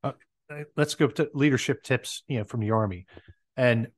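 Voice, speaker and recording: A man's voice: medium pitch, moderate pace. New Jersey man telling stories. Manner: lively anecdotal storyteller. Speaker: guest, business owner. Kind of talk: casual interview storytelling.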